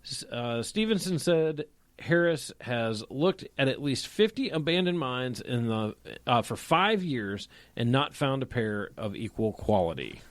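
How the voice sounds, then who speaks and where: Lively male radio co-host reading news. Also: medium pitch, measured pace, dry recording. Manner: lively, reads news stories conversationally. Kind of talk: casual radio talk.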